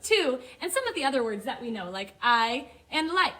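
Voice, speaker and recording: A woman teaches phonics to kindergartners in a high, bright voice. She speaks slowly and swoops up and down in an exaggerated sing-song way to keep small children with her. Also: expressive. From Hawaii. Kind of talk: phonics lesson for young children.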